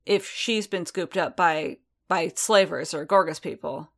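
A woman's voice: fairly low pitch, unhurried, creaky, a bit bright, exaggerated voice. A woman reading the lines of an exhausted, blunt armored male warrior who presses his questions sharply.

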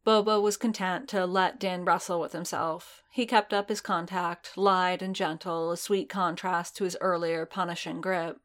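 A woman reading a piece of fan fiction aloud in steady, measured storytelling. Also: on the low side. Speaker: audiobook narrator.

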